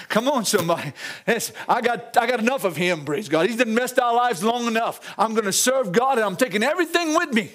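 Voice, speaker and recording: A high-pitched older man with a drawl is preaching a sermon. His manner is folksy and chuckling, and he keeps calling out to the congregation as he tells the story. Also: animated, fairly quick, fairly bright tone.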